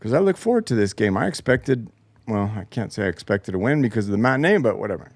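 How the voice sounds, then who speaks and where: Man, lowish voice, casual solo rant, swears a lot, exasperated, dry close mic. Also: very animated, quick pace, no room sound. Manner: profane, exasperated storytelling. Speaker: podcast host. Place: home basement.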